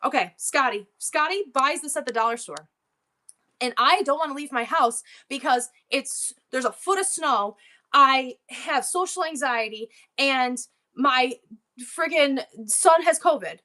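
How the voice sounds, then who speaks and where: A woman's voice: high voice, a little slow, sharp tone. A middle-aged woman hosting a livestream sale, talking in a worked-up, rambling and emotional way. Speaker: livestream seller. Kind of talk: casual livestream chat.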